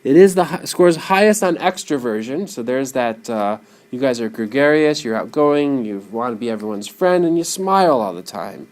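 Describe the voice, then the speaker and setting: A male lecturer talking through material in front of a class. He is animated and keeps questioning his students as he goes. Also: medium pitch, moderate pace.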